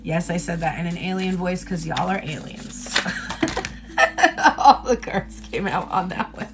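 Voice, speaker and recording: A woman's voice: lowish voice, normal speed, noisy background. A woman giving a casual livestream tarot reading, chatty and candid, who laughs often and swears casually. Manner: loose, rambling delivery with many fillers. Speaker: tarot reader.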